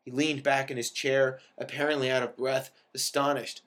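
A man reading a first-person story aloud, in a wry and expressive way that lifts into sudden emphatic bursts. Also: medium pitch, normal speed, hardly any pauses. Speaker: reader of a story.

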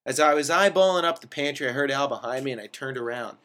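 A man's voice: medium pitch, fast, a bit bright. Man reading a wry first-person story.

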